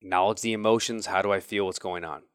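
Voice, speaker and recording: Low-voiced and fast-talking, this podcast host keeps a fairly even intonation as he coaches his listeners earnestly in a motivational talk. The tone is clean, with no echo and clean studio sound.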